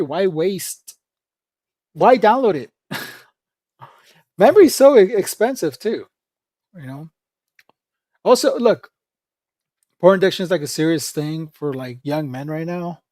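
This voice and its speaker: A man's voice: fairly high pitch, lively intonation, measured pace, long pauses, a little mellow, no echo, studio quality. A man streaming live, chatting casually with his viewers in a rambling, profane way and laughing often. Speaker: livestreamer. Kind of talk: casual livestream chat.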